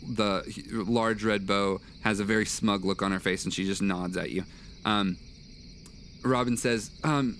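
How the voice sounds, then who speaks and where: A man narrating a tabletop game as game master, halting with many fillers and restarts. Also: lowish voice, a bit bright, slight background noise.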